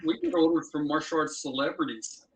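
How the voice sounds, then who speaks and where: A man who is a podcast guest and martial arts instructor, telling anecdotes in a lively way. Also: on the high side, a little fast, recorded from a distance, rough recording. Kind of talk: casual podcast conversation. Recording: husky voice from off-mic.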